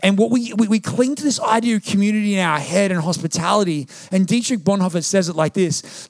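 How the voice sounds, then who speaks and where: Young Aussie male pastor, gravelly, storytelling sermon style, dry close sound. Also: high voice, a little fast, few pauses, dry recording. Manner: passionate, conversational preaching with anecdotes. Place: church.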